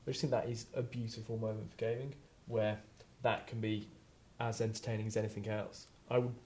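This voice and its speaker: Scottish man, podcast co-host, eager and hesitant, low pitch, mellow dark tone. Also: little pitch movement, fairly quick, roomy sound, a little hiss or hum. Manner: enthusiastic, hesitant with fillers. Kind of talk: casual studio chat. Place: studio.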